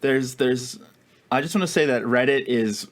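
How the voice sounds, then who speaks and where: Male podcast co-host, mid-pitched, loose rambling banter with frequent laughs. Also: normal speed. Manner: giggly, rambling, self-deprecating. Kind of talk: casual chat.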